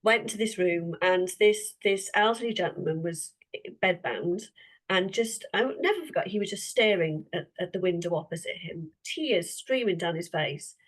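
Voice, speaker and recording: A woman with a Welsh accent, a therapist and interview guest, telling a story in a lively way and acting out the dialogue. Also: on the low side, normal speed, low-quality recording. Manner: lively, acts out quoted dialogue.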